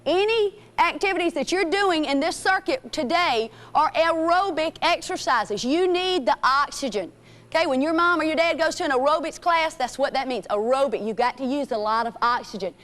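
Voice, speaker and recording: A woman's voice: high voice, normal speed, a bit bright. A woman teaching a children's fitness class in a gym, encouraging and calling out names and commands. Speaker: physical education teacher.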